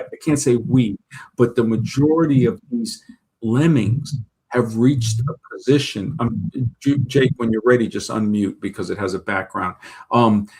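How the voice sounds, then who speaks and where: A man in casual talk-show chat who rambles and restarts his sentences often. He acts out the people he quotes. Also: medium pitch. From Brooklyn, New York.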